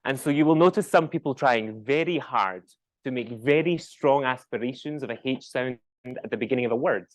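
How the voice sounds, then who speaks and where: A man's voice: medium pitch, brisk. A man from the west coast of Scotland with a West Coast Scottish accent, giving a classroom lecture, often ending points with a questioning "right?" and saying example words aloud. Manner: explains with tag questions, demonstrates sounds aloud.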